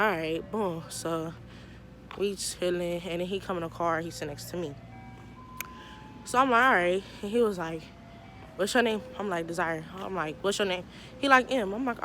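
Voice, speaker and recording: A woman's voice: on the low side, fairly bright tone, slight background noise. A young woman tells a casual storytime, animatedly acting out both sides of the dialogue. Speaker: vlogger telling a personal story.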